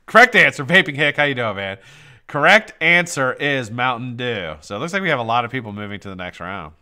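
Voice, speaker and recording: A man hosting a live stream trivia giveaway in casual chat, swearing freely and jumping into loud excited shouts. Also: mid-range voice, brisk, clear, resonant tone. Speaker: livestream host running a trivia giveaway. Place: home streaming setup.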